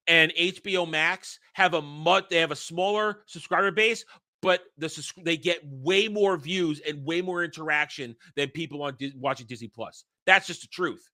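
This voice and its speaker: A man's voice: a little high, pushed and bright. A male host giving a heated, profane rant as he reads an article and tears it apart, repeating his points. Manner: heated, profane, repetitive rebuttals. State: hiccups. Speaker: host and commentator. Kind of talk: reaction rant, reading and rebutting an article.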